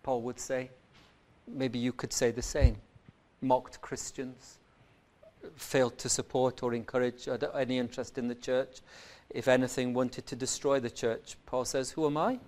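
A man preaching a sermon, asking rhetorical questions and swinging between loud emphatic lines and quiet, reflective ones. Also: medium pitch, little pitch movement, unhurried.

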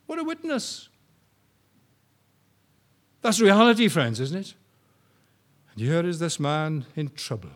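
Older man preaching, soaring loud appeals. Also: sing-song. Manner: swings from soft, slow storytelling to loud, high-pitched appeals. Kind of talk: sermon.

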